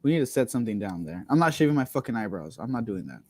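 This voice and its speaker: A man's voice: medium pitch, big pitch swings, very fast, darkish tone, slightly rough, no room sound. A man co-hosting a casual sports podcast, emphatic and repetitive when he argues a point. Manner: emphatic, repeats himself in denials. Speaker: podcast co-host.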